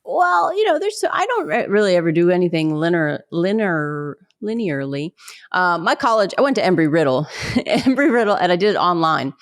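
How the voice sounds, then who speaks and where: A woman in her thirties with a light Pittsburgh accent, talking as a guest in a casual podcast interview. Her voice sits a little low. She wanders off on tangents, pokes fun at herself and laughs easily. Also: moderate pace. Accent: mild Pittsburgh American. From Pittsburgh, USA. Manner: rambling, self-deprecating, laughs often, animated when acting out voices. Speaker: guest, comedian and military spouse.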